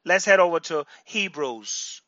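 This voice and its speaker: A male preacher delivering a sermon, repeating phrases for emphasis and breaking into sudden loud bursts. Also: fairly high pitch, animated, unhurried, dry recording, highs cut off.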